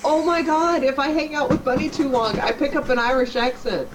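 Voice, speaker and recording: A woman's voice: high-pitched, fairly quick, background noise. A woman from Texas, co-hosting a casual stream chat in a sassy, teasing way. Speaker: co-host.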